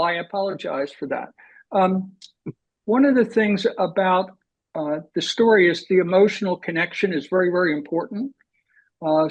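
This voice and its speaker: High-voiced male webinar host, muffled audio. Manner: hesitant, with fillers, thanking and apologizing. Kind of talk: hosting a webinar discussion.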